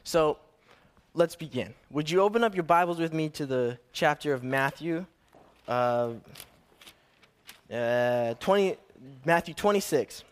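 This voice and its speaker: A young man with a fairly high voice preaching his first sermon. He tells a family story casually and a bit nervously, restarting his sentences. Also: expressive, a little slow, pauses often, clear, resonant tone.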